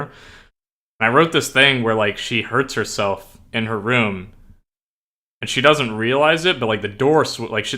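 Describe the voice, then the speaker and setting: A man's voice: lowish voice, sharp tone. A young man streaming, chatting casually in a rambling way full of fillers. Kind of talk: casual chat.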